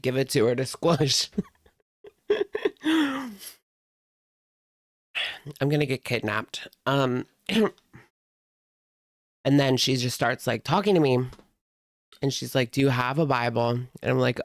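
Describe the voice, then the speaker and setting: A man's voice: mid-range voice, steady tone, moderate pace, no room sound, clean studio sound. A man in his thirties telling a rambling, amused story in a casual chat with a live audience, with lots of fillers. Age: 30s. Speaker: host.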